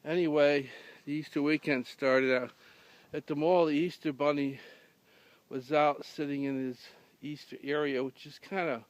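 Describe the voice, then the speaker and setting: A man's voice: a little high, fairly even intonation, moderate pace, no echo. A man telling a rambling humorous story in a dry, casual way, with many fillers and restarts. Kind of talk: casual deadpan anecdote telling.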